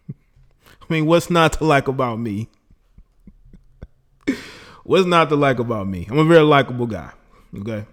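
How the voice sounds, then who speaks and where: A man hosting a casual call-in livestream, boastful and laughing as he talks to his chat and callers. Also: medium pitch. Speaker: livestream host taking call-ins.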